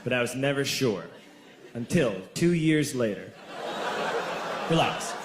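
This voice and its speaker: A young man telling a stand-up story with punchy comic timing and sudden shouted bursts, on a club stage. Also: mid-range voice, lively intonation, unhurried. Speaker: stand-up comedian. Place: club stage before a laughing audience. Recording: echoey room with audience noise.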